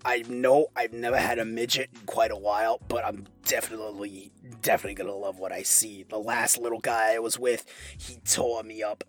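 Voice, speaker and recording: A man's voice: level tone, a little fast, a bit bright, faint music behind, lightly acted. A man putting on a throaty, brassy cheap woman. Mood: bossy. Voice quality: low and throaty, strains the voice. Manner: bossy, crude, coaxing.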